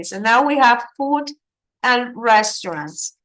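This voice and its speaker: A woman teaching an English lesson, slowly explaining words with glosses. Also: on the high side, fairly bright tone. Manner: slow, patient, explaining vocabulary with Spanish glosses.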